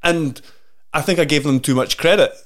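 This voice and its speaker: A man's voice: on the high side, normal speed. A Scottish man hosting a podcast, drunk and laid-back, swearing as he talks football. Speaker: podcast host. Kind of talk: casual football chat.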